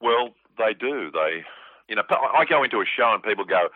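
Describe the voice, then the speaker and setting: A plain-spoken man of forty with a deep voice, rambling through a casual interview as a comedian guest. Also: animated, moderate pace, no echo. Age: 40s. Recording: tinny dry phone line.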